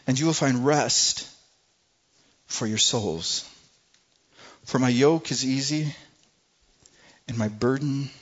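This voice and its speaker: A man preaching a sermon to a congregation with passion, swinging from soft, low moments to loud, high pleas and often repeating words. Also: slightly rough, highs cut off. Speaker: pastor.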